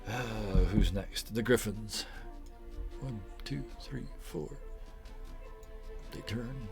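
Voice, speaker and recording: A man's voice: on the low side, extremely slow, vocal fry, music in the background. A man narrating as game master, loose and joking, laughing often.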